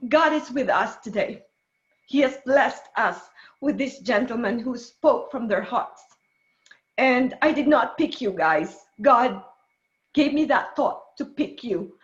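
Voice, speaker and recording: A woman's voice: high voice, muffled recording. A woman hosting a live online show and closing it with effusive, emotional thanks. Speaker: show host and author.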